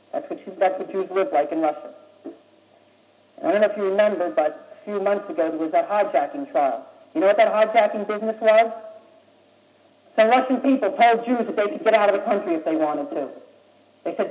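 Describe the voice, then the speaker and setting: Young American man, high voice, blunt and insistent talker; old muffled tape in an echoey room. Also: a little fast. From United States. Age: young adult. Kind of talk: impassioned speech.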